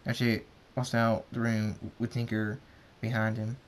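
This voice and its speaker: A man's voice: on the low side, level tone, unhurried. A man reading his fan fiction story aloud, in a plain narration with small restarts. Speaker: story reader.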